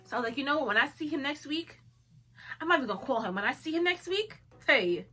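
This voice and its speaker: A young woman vlogger telling a story in an animated, dramatic way, laughing often. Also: sits high, quick pace, soft background music. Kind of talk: storytime chat.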